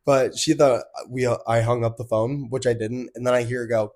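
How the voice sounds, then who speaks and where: Hoarse young man telling a story. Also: medium pitch, a little fast. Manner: animated storytelling, swears freely. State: hoarse from being sick. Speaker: podcast co-host. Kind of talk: casual chat.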